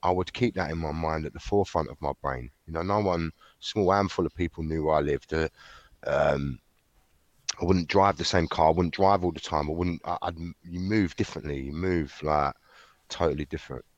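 Deep-voiced man, frank and halting. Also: dry recording, lo-fi sound. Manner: frank, halting, many fillers and restarts. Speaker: interview guest. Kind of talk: candid conversational storytelling.

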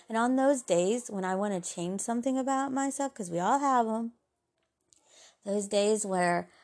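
A woman hosting a podcast, giving an earnest, heartfelt, faith-based talk of encouragement that often softens into gentle asides. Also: medium pitch, gravelly. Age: adult mother. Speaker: podcast host.

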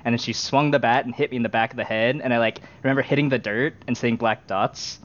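A man's voice: medium pitch, steady tone, quick pace. A man chatting casually on a podcast, spinning rambling stories from his past. His voice sits in an ordinary middle range. The sound is dull and lo-fi. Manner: rambling anecdotes with acted quotes. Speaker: podcast co-host. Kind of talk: casual chat, storytelling. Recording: dull lo-fi audio.

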